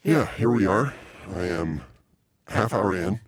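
Brief: lower-voiced male host, dry, meandering, quick to get exasperated. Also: expressive, husky, no echo. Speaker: podcast host. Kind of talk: casual live podcast chat.

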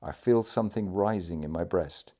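Dying naval commander as a man reads him, stoic, weak and faltering, low voice, sudden commanding urgency. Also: moderate pace. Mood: weary, resigned. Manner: weak, low, fading delivery with sudden forceful outbursts.

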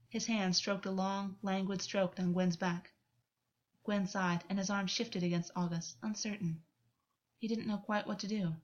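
Woman narrating a story, lo-fi. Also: mid-range voice. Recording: dull lo-fi recording.

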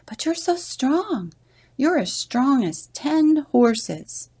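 Eager, admiring young camels, voiced by a woman reading a storybook, speaking in a breathy, husky tone. The delivery is slow, with a low, gravelly edge. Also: big pitch swings, darkish tone, full character voice.

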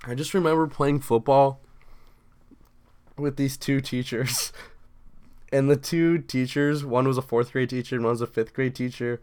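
A young man co-hosting a podcast, telling childhood stories in a casual, animated way, swearing constantly and saying "dude" often. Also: mid-range voice, normal speed, pauses often, slight background noise. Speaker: podcast co-host. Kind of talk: casual storytelling chat.

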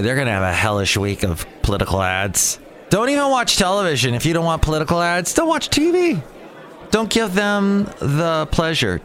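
A man hosting his own daily podcast, rambling goofily between topics and silly bits. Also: medium pitch. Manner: goofy, digressive, sings and shouts bits. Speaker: podcast host.

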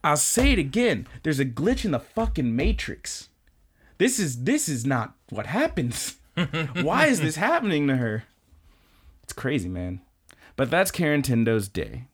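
A young man co-hosting a podcast, recapping an anime in an animated, rambling and profane way. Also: on the high side, unhurried, breathy edge. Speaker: podcast co-host. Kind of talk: casual anime recap chat.

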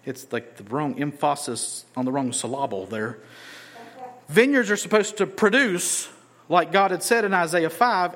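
A man's voice: high voice, a bit bright. A man preaches a sermon in a conversational way. He reads scripture aloud and pushes his voice up emphatically on key points. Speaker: pastor.

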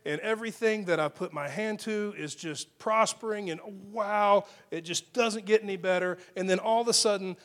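High-voiced and personal, this pastor's sermon feels like conversation, broken by frequent restarts and abrupt jumps in volume.

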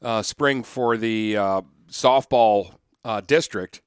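Relaxed sports podcast co-host. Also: male voice, on the low side, slow pace, smooth, no room sound, clean studio sound. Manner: relaxed, reads off stats. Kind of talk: casual sports chat.

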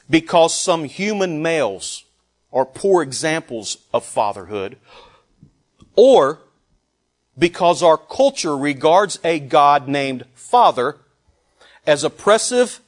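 A man preaching a sermon, measured and emphatic, building on repeated phrases with deliberate pauses. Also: a little high. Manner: slow deliberate delivery with pauses. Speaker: pastor.

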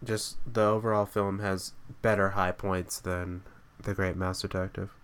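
A man with a smooth, resonant, fairly low voice talks through his picks in easy podcast chat. He sounds relaxed and opinionated, and his sentences often fade off softly at the end. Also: a little slow. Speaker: podcast co-host. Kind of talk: casual chat.

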